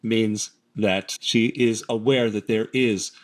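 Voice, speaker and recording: This is a man's voice, somewhat low-pitched, delivering analytical commentary. He explains carefully and leans hard on the points he wants to land. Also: steady tone, slow. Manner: explanatory and emphatic. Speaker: host analyzing statements.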